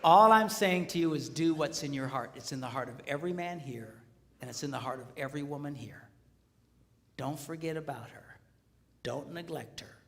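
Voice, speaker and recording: A man with a bright, somewhat high, gravelly voice delivers a relationship seminar to a live crowd. He swings between hushed whispers and shouted peaks. The sound carries a long reverb from a large auditorium. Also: moderate pace, a little hiss or hum. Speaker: seminar speaker. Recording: echoey hall.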